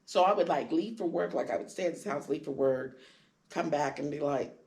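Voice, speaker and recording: A woman candidly telling her own story in conversation, acting out quoted lines with sudden jumps in pitch. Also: fairly quick, a little mellow. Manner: acts out quoted dialogue with big pitch jumps. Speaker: guest sharing her story.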